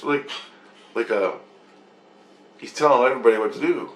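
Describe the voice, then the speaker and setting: Gravelly man rambling through a story. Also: mid-range voice, normal speed, reverberant, slight background noise. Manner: rambling, profane, animated retelling. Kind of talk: casual storytelling monologue.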